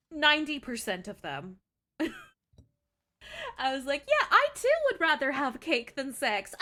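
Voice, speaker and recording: Lively chatty young woman streamer. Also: a little high. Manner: chatty, self-deprecating, swearing. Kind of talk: casual stream chat.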